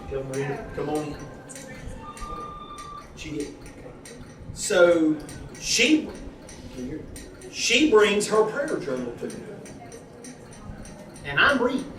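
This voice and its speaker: A man telling a church congregation a personal testimony, acting out the conversations he quotes. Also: a little high. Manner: animated storytelling, acting out quoted dialogue. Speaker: husband giving a church testimony. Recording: echoey room from far off with a crowd.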